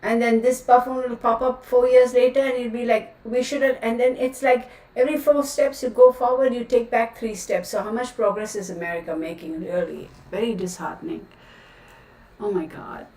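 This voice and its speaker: A woman's slightly high, dark-toned voice holds a steady tone at a normal speed. Hosting a tarot livestream, she chats casually yet rants with outspoken exasperation and plenty of fillers. A distant mic gives the recording a roomy feel.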